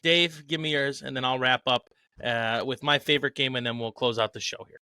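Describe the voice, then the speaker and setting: A man hosting a casual sports podcast, briskly steering the talk and handing off to co-hosts. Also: medium pitch, fairly even intonation, pushed and bright, clear, resonant tone, dry recording, studio quality. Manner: brisk, wraps up and directs the others. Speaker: podcast host. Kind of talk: casual chat.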